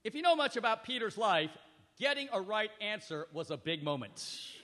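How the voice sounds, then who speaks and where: A high-pitched, bright-toned man preaches with big swings in loudness and emphasis. He often turns to the listeners with direct questions. The sound carries a long reverb, as if in a large hall. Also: sing-song, moderate pace. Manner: addresses the audience directly with questions. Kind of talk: sermon with scripture reading.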